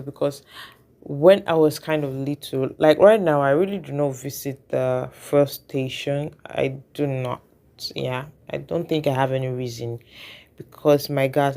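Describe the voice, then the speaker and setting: Chatty commentator, mid-pitched voice. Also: darkish tone. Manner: reflective, chatty, keeps checking in with the viewer. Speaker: reaction vlogger. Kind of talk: casual commentary.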